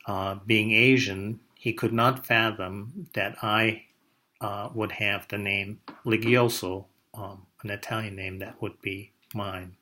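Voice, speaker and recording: An older man born in Indonesia, telling a personal story in a measured way, pausing often with "uh". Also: lowish voice, flat delivery, pushed and bright. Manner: measured, with frequent "uh" pauses.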